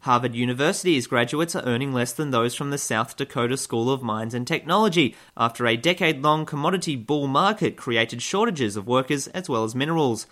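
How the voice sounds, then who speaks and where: Sarcastic man reading satirical news. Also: medium pitch. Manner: sarcastic, mock-cheerful deadpan. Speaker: comedy news host.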